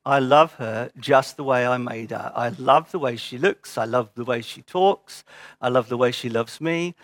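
A man voicing God as a tender, loving father, speaking softly, fondly and slowly. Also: mid-range voice, dry recording, pitched below the performer's own voice, natural voice. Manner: soft, fond and slow.

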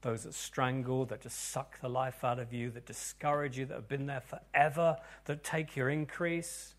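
A pastor leading a congregation in a sermon and prayer, dropping to near-whispers and then rising to loud, fervent declarations. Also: male voice, mid-range voice, fairly even intonation, moderate pace.

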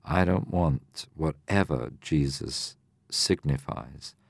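A man, older, explaining a Bible parable in a measured, teaching way on a discussion program. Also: very deep voice, creaky, no room sound. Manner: measured, explanatory, reads scripture aloud.

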